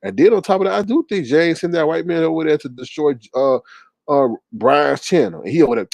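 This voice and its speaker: A man hosting a casual livestream and reading chat comments, speaking with an animated, gossipy manner full of exclamations. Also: fairly high pitch, fast, creaky, dry recording.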